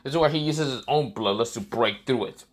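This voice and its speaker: A man's voice: medium pitch, a little fast. A man casually narrating a fan-made story, rambling along with many fillers and restarts.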